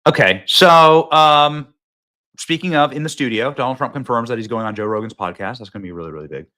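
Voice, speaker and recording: A man in his thirties hosting a political commentary show, excitable and mocking, and he laughs often. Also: medium pitch, fairly quick. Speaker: host.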